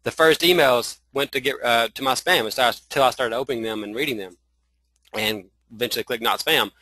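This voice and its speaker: A man with a Southern accent teaching a live screen-share webinar, talking in halting runs full of restarts and fillers. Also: medium pitch, pushed and bright, no room sound, poor audio. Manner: halting, many restarts and fillers, addresses viewers as y'all. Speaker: online marketing trainer.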